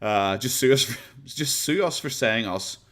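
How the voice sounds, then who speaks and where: A man's voice: medium pitch, lively intonation, measured pace, a bit bright. A man with an Irish accent chatting casually on a live stream, rambling and sarcastic, often breaking into laughter. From Ireland.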